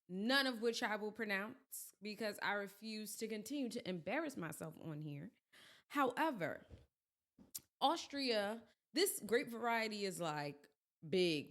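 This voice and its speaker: Woman, podcast host, hoarse crackly voice, unhurried delivery, chatty and self-deprecating. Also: mid-range voice, fairly bright tone. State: crackly, hoarse voice from being sick. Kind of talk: casual podcast chat.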